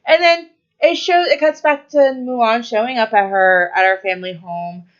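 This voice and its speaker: A woman's voice: on the high side, moderate pace, smooth, lo-fi sound. A woman co-hosting a podcast, casually retelling a movie's plot with lots of fillers and quoted lines. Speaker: podcast co-host.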